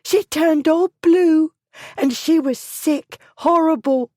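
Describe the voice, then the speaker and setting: A woman reading an audiobook voices a frightened young schoolgirl, pitched high, breathless and close to tears. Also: animated, a little slow, a little mellow, no echo. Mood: frantic. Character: frightened young orphan schoolgirl, tearful and pleading. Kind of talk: audiobook character voice.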